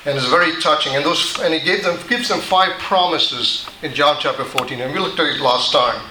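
A man's voice: fairly high pitch, brisk, sharp tone, reverberant, a little hiss or hum, poor audio. A man preaching a sermon, teaching patiently and often restarting his sentences. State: dry mouth. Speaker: pastor.

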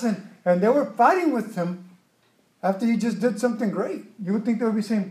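A man preaching with a high-pitched, expressive delivery, swinging between soft asides and loud acted-out outbursts. His voice carries through a noticeably echoey room. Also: fairly quick. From Mexican background. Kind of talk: sermon.

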